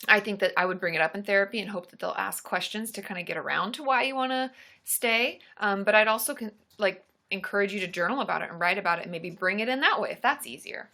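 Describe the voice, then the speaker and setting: A young woman with a bright, clear-edged voice chats through a live-stream Q&A as a therapist. She is bubbly and talkative, cheering viewers by name between her answers. The tone is casual and friendly throughout. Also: mid-range voice.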